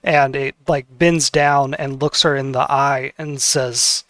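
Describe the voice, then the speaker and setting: A man's voice: mid-range voice, steady tone, a little slow, fairly bright tone, no room sound. A man narrating a tabletop game as game master, hesitant and with many fillers.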